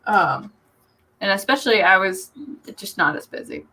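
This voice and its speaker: A woman co-host reads viewer questions aloud and chats on a video call. Her voice is bright and forceful, at a middle pitch. She sounds friendly and easygoing. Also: expressive, normal speed, slight background noise. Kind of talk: casual group chat on a livestream.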